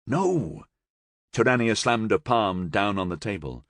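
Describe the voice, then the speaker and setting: Expressive male audiobook narrator. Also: on the low side, normal speed, dry recording, clean studio sound. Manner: expressive storytelling. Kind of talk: scripted narration.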